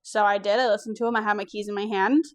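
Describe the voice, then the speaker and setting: A young woman from the US East Coast telling a personal story in a casual vlog, candid and animated, swearing now and then. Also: medium pitch, fast talker. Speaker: vlogger.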